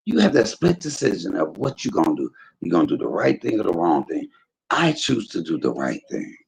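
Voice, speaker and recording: Male streamer, husky and rasping, lively pitch, emphatic preachy testimony. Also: a little fast, poor audio. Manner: emphatic, preachy storytelling with religious exclamations. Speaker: live streamer talking to viewers. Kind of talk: casual spoken testimony to a live chat.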